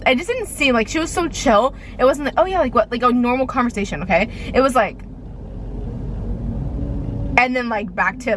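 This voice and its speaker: A woman's voice: a little high, fairly bright tone, a little hiss or hum. A young woman vlogger telling a rambling storytime, filling her talk with "like" and "okay". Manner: chatty, rambling, heavy use of "like" and "okay". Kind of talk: storytime vlog.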